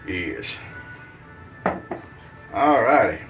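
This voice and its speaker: Southern-accented man, low-pitched, folksy joking shave talk, dull recording. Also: huge pitch swings, drawn-out words, faint music behind. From Mississippi, US. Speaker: shaving vlogger. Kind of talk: casual shaving demonstration.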